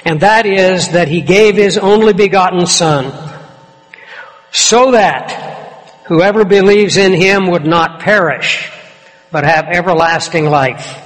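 Man, preacher, high voice, emphatic expository sermon, long reverb. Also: takes it slowly, fairly bright tone.

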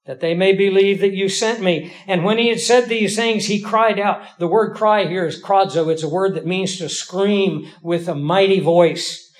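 Male preacher, high voice, folksy and emphatic, lets key lines hang slowly. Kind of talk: sermon.

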